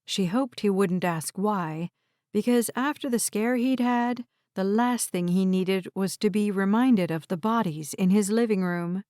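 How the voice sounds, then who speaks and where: A woman narrating an audiobook in an even, unhurried reading style. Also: mid-range voice, no echo, clean studio sound. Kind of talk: scripted narration.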